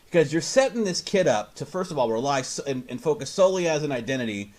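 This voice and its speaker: A man's voice: fairly high pitch, fast, slight background noise. A man co-hosting a radio talk show, talking in a loose, profane, mocking way and often mimicking people. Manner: animated, mocking, mimics people in silly voices. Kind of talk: casual profane chat.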